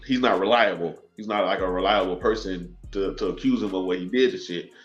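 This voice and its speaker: A man's voice: low voice, brisk. A man from South Carolina with a Southern accent, tipsy, rambling and swearing freely as a guest on a casual podcast. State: tipsy from drinking. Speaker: guest, movie reviewer. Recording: dull lo-fi sound with faint music.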